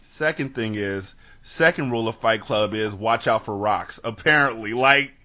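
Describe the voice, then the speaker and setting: A man from Sacramento hosting a podcast, telling stories with lively acted-out quotes and casual swearing, on dull lo-fi audio. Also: lowish voice, moderate pace. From Sacramento, California. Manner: animated storytelling, acts out quotes, swears freely. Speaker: podcast host. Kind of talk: casual chat.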